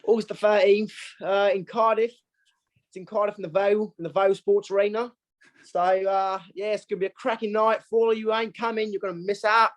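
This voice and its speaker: A cheeky young bloke with a put-on London accent, done by a teenage man as a joke. His voice sits fairly high and bright. He has a light, half-joking delivery, as if selling a big night to friends. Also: little pitch movement, brisk, lightly acted. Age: teens. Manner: playful, half-joking announcement. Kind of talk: mock accent in podcast chat.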